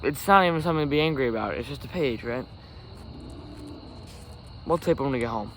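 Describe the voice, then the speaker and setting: A man's voice: medium pitch, expressive, brisk, a little hiss or hum. A man hosting a casual solo podcast outdoors by a forest, talking in a rambling, self-correcting way. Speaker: podcast host. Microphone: camera recording himself. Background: insects and crickets.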